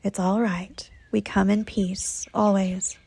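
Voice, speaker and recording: A woman voicing a group of calm, reassuring spirit beings in a soothing, measured way. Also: medium pitch, gravelly, husky, exaggerated voice.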